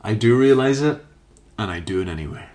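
A man's voice: on the low side, expressive, a little fast, darkish tone. A man in casual podcast chat, rambling, swearing and laughing often.

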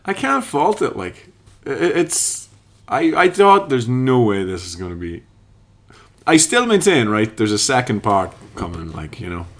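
A man's voice: mid-range voice, big pitch swings, unhurried. A young Irish man chatting casually on a podcast, swearing freely and throwing in mock-dramatic asides. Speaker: podcast co-host, stage actor. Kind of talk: casual chat.

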